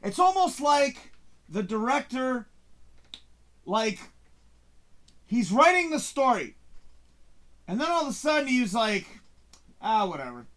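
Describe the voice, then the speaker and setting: Excitable, high-voiced male show host. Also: slow, long pauses. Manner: excitable and profane, acts out his own reactions. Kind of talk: casual movie review chat on a live stream.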